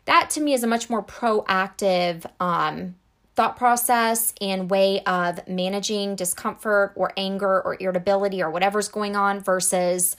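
A woman's voice: medium pitch, moderate pace, a bit bright. A woman talking casually to camera about emotional support, earnest and conversational, with acted-out examples.

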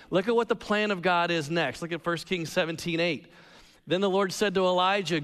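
High-voiced pastor in a reverberant hall. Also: male voice. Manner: animated storytelling with humor and dramatic pauses. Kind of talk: sermon.

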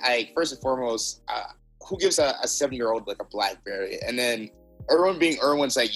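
Young male guest, husky and bright, chatty casual delivery. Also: medium pitch, expressive, fairly quick, soft background music, low-quality recording. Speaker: podcast guest. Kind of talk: casual chat.

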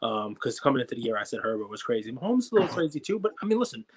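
A man co-hosting a podcast, chatting about sports in an excitable, jokey, rambling way. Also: medium pitch, rapid-fire, husky. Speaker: podcast co-host. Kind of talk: casual sports chat.

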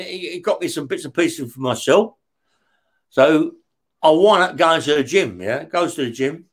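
Middle-aged man, high and light voice, interview guest, swears constantly and acts out the other voices in his tales. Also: lively intonation, moderate pace, fairly bright tone. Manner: heavy swearing, acts out the dialogue in his stories. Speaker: guest, former career criminal. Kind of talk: casual storytelling in an interview.

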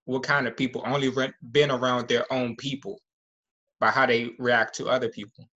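A man co-hosting a podcast in a laid-back, slang-heavy way, giving his views at an easy pace. His voice sits at an ordinary pitch. The recording sounds a little dull and lo-fi. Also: moderate pace. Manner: relaxed and opinionated, slangy. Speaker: podcast co-host. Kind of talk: casual chat.

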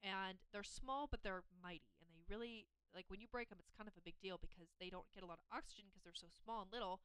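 Young woman, twenties, candid rambling storytelling, smooth clear voice, dry close recording. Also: mid-range voice, quick pace, a bit bright, no room sound, rough recording. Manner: candid, rambling, heavy use of "like". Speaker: college soccer player. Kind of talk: personal storytelling to camera.

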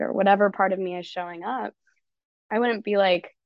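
A woman's voice: mid-range voice, steady tone, normal speed, no echo. Chatty swearing woman, muffled podcast audio. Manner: chatty, swears freely, acts out inner dialogue. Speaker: coach and guest. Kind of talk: casual podcast conversation.

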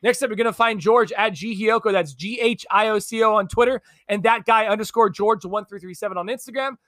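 A man's voice: high-pitched, pushed and bright, no echo, clean studio sound. A man hosting a podcast, joking with his guest and then reading the show's outro. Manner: jokey, quick to laugh. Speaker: podcast host. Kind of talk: casual podcast chat and outro.

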